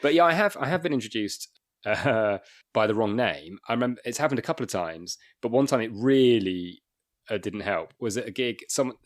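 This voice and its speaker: A man's voice: on the low side, animated, normal speed. A man in his forties from Wakefield in England, a comedian telling rambling anecdotes in a casual podcast chat, with frequent restarts and chuckles. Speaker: guest comedian.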